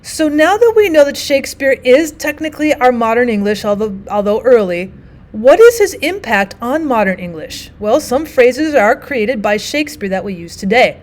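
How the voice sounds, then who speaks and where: A woman's voice: fairly high pitch, sing-song, normal speed. Woman teacher explaining literature. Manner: explanatory, reads quotes aloud with emphasis. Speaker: language arts teacher. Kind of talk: recorded lesson narration.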